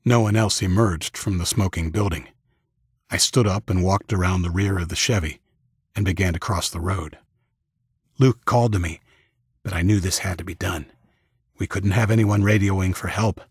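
A man with a deep, slightly husky voice reads a first-person audiobook in a steady, even way. The sound is dry and close, with no room around it. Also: moderate pace, no echo. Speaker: audiobook narrator.

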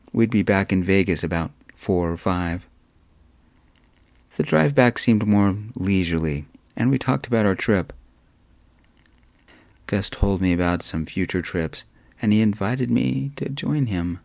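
A man narrates a romance story in a calm, soft-spoken way, keeping his delivery even and gentle. His voice is deep and low, and the recording is dry and close, with no room echo. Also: gravelly.

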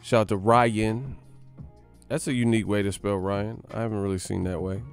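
Male streamer, lowish voice, loose profane banter with viewers, light music bed. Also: steady tone, normal speed. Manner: loose, profane, joking with chat. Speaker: live stream host. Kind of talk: casual live stream chat.

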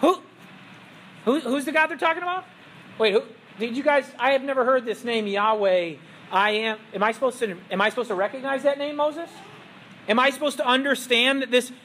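A man's voice: extremely high pitch, a little slow, bright, forceful tone, slight background noise, exaggerated voice. A preacher playing a sneering, sarcastic king. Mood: mocking. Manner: sneering, incredulous questioning. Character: sarcastic, scornful male king mocking his petitioners.

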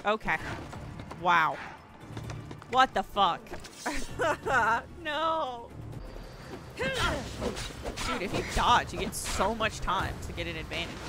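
A woman streaming a video game, commenting on her play in an excitable way, swearing freely and laughing often. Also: on the high side, very slow, pauses often, music in the background. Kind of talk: live gameplay commentary.

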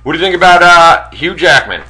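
A man's voice: fairly high pitch, lively intonation, a little fast, pushed and bright, low-quality recording. A man co-hosting a casual wrestling talk radio show, agreeing often with "right" and "no doubt" and adding his own stories. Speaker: co-host.

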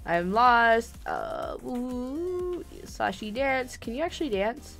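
A woman's voice: on the high side, lively intonation, slow, fairly bright tone. A woman streaming a game live, chattering playfully and giggling, with faint game music behind. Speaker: gaming streamer.

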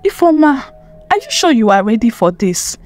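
A woman's voice: a little high, big pitch swings, normal speed, soft background music. A woman with a Nigerian accent voicing a loyal young female friend, assertive and reassuring.

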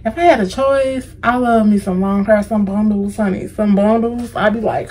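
A woman's voice: medium pitch, steady tone, normal speed, hardly any pauses, a little mellow, low-quality recording. A woman with an American accent answering viewer questions in a casual, chatty, playful vlog. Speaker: vlogger.

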